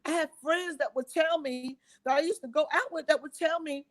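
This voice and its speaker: High-voiced effusive woman in her fifties. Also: fairly quick, few pauses. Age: 50s. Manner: effusive, emotional, repeats phrases for emphasis. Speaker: guest business owner. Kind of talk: live-stream interview.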